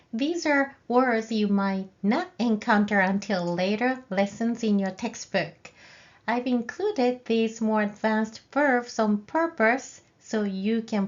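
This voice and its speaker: Slow, clear woman teaching a language lesson. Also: medium pitch, dull audio. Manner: models example phrases with a rising question tone for learners to repeat.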